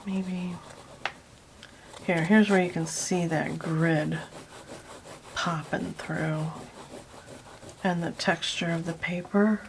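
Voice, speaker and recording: A woman hosting a paint-along art video, talking slowly and softly and often dropping into a near whisper while she works. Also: lowish voice, background noise. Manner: slow, soft-spoken, often drops to a whisper while working; calls her quiet talk her calm thinking voice. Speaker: art channel host.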